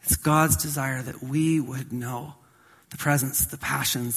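A man preaching a sermon as pastor, swinging from loud to soft and slowing down on key phrases. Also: mid-range voice, steady tone, slightly rough, long reverb tail.

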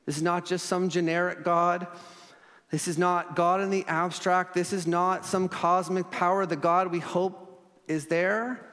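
A man delivers a sermon in an earnest tone, stretching key words slowly and letting phrases fall soft. His voice sits a little high for a man. A long reverb trails his words through the hall. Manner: earnest, with slow emphatic pauses and sudden soft drops. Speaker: pastor.

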